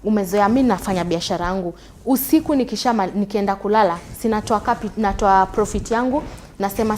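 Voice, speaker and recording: A Kenyan woman hosting a talk show, chatting casually and switching between Swahili and English, often checking in with a quick question. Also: medium pitch, a little mellow, slight background noise. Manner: fast, tags sentences with "unaona?".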